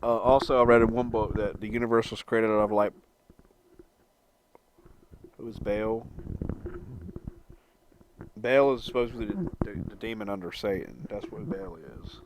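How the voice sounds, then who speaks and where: A man's voice: lowish voice, steady tone, normal speed, long pauses, a little hiss or hum. A young man rambling and stammering as he answers chat on a live stream, swearing freely and laughing at his own jokes. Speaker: livestreamer reading chat.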